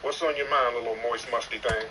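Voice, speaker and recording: Male chat host, mock-stern roaster, loud bursts; distant, noisy capture. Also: medium pitch, steady tone, a little fast. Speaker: host of a live audio chat stream.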